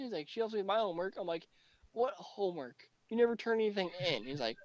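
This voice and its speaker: A man's voice: high voice, animated, fast talker, a little mellow, dry recording. A young man hosting a casual podcast, telling a school story with lots of swearing and acting out what his friends said. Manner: profane, mocking, acts out quotes of friends. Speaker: podcast host. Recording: dull lo-fi home recording.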